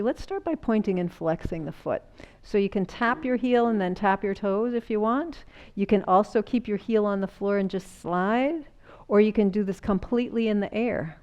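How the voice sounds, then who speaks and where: A woman teaching a chair yoga class, calmly guiding movements and explaining the breath and the body. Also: medium pitch, lo-fi sound. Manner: calm, explanatory, gently encouraging. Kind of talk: guided exercise class.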